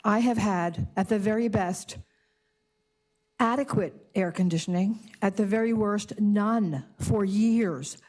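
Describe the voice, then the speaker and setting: Older female resident at public comment, upset and halting. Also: mid-range voice, a little mellow. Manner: emotional, indignant, halting with restarts. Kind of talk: public comment at a community board meeting.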